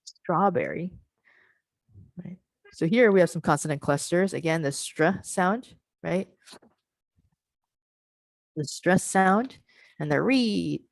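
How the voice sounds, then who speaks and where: A woman presenting an online teacher workshop on pronunciation, explaining patiently and sounding out word parts slowly over a video call. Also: fairly low pitch, vocal fry, no room sound.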